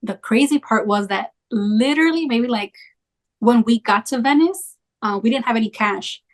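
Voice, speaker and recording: A young woman in casual conversation, telling a travel story in a chatty, animated way with lots of fillers. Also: fairly high pitch, moderate pace. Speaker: travel creator.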